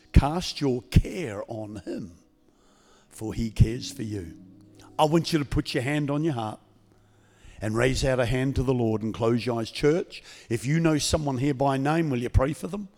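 A man preaching as a guest pastor, speaking calmly and conversationally instead of shouting, leading a healing prayer in a church service. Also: medium pitch, normal speed, soft background music. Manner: calm, conversational, not yelling. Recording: long church reverb.

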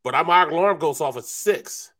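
A relaxed former football player from St. Louis who tells stories in a slow, easy way and drops in "man" and "you know" all the time. His voice sits a little above the usual pitch for a man. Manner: laid-back storyteller, says "man" and "you know" a lot. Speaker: sports talk show co-host, former football player. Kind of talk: casual sports talk storytelling.

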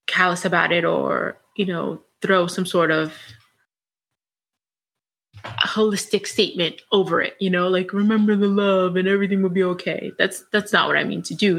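A woman hosting a solo podcast from her home, chatting in a rambling, warm and candid way. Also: lowish voice, vocal fry, husky. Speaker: podcast host. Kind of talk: solo reflective podcast chat.

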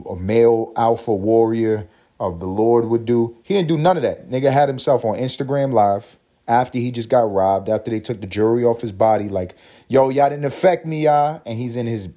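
Profane, mocking man ranting on a podcast. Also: on the low side. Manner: profane, mocking, animated storytelling. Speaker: podcast host. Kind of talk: profane comedic rant.

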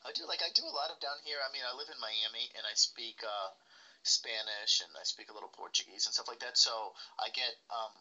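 A man's voice: fairly low pitch, bright, forceful tone, muffled recording. A man working as a paranormal investigator tells stories in a casual interview, rambling with lots of "like" and "you know.".

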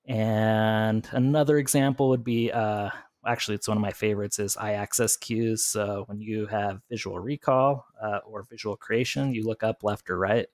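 A man's voice: lowish voice, fairly even intonation, moderate pace, hardly any pauses, darkish tone, no echo. A man guest on a podcast, explaining in casual chat with many fillers.

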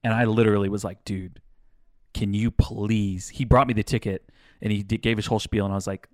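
A man co-hosting a podcast, telling a long rambling story in a casual chat, animated and swearing now and then. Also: on the low side, racing, no room sound, clean studio sound. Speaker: podcast co-host.

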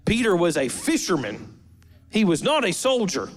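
A man's voice: high-pitched, huge pitch swings, moderate pace. A man preaching a sermon as pastor, in a humorous, conversational way with asides to the congregation.

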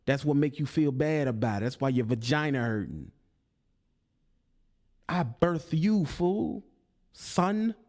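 Man, 30s, rough gravelly voice, taunting preachy commentator. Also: on the high side, animated, slow, long pauses, a little mellow. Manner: preachy, taunting, repeats himself. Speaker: online commentator. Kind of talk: confrontational monologue.

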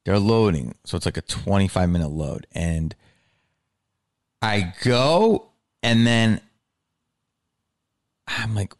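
A man hosting a solo podcast, telling a story in casual chat, animated and swearing freely as he acts out his own reactions, heard on a lower-quality backup recording. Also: takes it slowly, pauses often. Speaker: podcast host.

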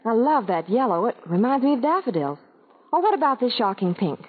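A woman's voice: fairly high pitch, very animated, brisk, husky. An actress playing a fretful young woman fussing over her looks in a 1940s radio ad, self-doubting. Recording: tinny 1940s radio broadcast.

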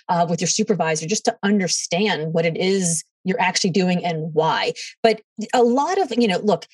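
A middle-aged woman, a podcast guest, answering in an animated way and acting out what others said to her. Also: lowish voice, breathy edge, dry recording, distant mic. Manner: animated, quotes others in dialogue. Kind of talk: storytelling interview answers.

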